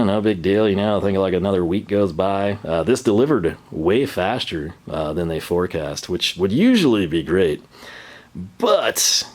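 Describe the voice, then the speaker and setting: Deep-voiced man telling a story. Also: darkish tone. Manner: rambling, laughs often, acts out quoted voices. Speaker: channel host. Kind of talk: casual storytelling vlog.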